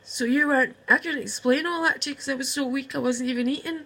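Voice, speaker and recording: Upset woman with a gravelly, tense voice. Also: high voice, fast, pushed and bright, rough recording. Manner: rambling, heartfelt, speaks straight to her sister, swears. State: upset, close to tears. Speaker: vlogger addressing her estranged sister. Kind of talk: emotional personal message to camera.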